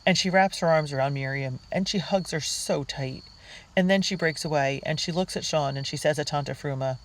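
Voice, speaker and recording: A man's voice: on the high side, steady tone, normal speed, a bit bright, slight background noise, poor audio. Earnest reader narrating a girl's diary. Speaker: audiobook reader.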